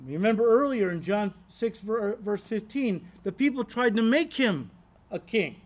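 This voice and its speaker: A man's voice: high voice, lively intonation, a little slow. A pastor preaching an expository sermon, earnestly reading scripture and explaining it to his congregation. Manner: earnest, emphatic teaching, addresses listeners as "guys"; reads scripture aloud and explains it.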